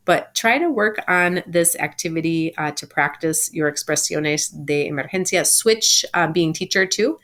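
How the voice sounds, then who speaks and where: A woman teacher giving a recorded lesson from home, explaining patiently and saying example phrases slowly and clearly. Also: sits low, fairly bright tone. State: home sick. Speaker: Spanish teacher.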